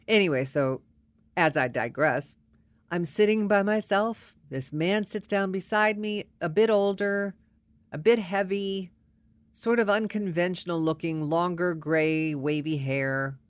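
A woman recounts a personal story in a chatty, wry and exasperated manner. Her voice sits a little low, and it is recorded close and dry with no room sound. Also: measured pace, no echo.

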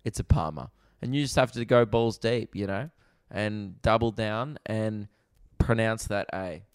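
A young Australian comedian hosts his podcast, telling stories in a loose, rambling way with swearing. His voice sits a little low. The sound is dry and close. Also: unhurried, smooth, dry recording. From Victoria, Australia. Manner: rambling, animated storytelling with swearing. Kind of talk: casual storytelling chat. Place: rented holiday apartment.

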